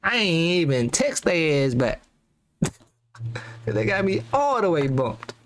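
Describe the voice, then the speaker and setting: A man's voice: a little high, big pitch swings, slow, heavy background noise. Slangy young man with a raised voice. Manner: rambling, slangy, laughs nervously between remarks. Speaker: YouTuber reacting to a video. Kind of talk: casual reaction commentary.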